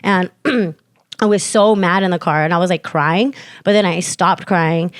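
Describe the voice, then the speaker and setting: A woman's voice: on the low side, measured pace, no echo, studio quality. A young woman co-hosting a podcast, telling a story in loose casual chat, full of fillers and swearing. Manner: loose, filler-heavy, swears freely, acts out quotes loudly. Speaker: podcast co-host.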